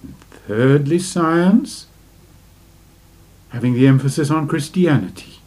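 A man giving a slow, deliberate spiritual lecture and asking his listeners rhetorical questions. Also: fairly high pitch, darkish tone. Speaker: religious teacher.

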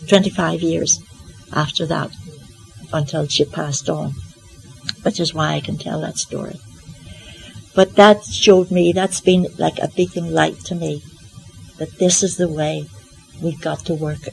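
Gravelly older woman telling a story. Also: on the low side, slight background noise, poor audio. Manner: earnest, gently humorous, reflective. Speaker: Christian Science practitioner. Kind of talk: personal testimony storytelling.

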